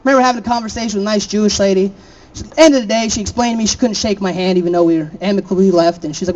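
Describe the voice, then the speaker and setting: A man's voice: high voice, rapid-fire, a little mellow, muffled recording. A young man from Florida doing a stand-up set, laughing at his own jokes and throwing chatty asides to the crowd. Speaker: stand-up comedian.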